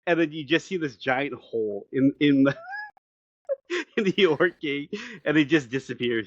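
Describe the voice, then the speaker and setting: Excitable man recapping an anime, lo-fi. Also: on the high side, measured pace, pauses often, breathy edge, dry recording. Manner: animated storytelling with frequent laughs. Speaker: podcast co-host. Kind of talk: casual episode recap. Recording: dull dry lo-fi sound.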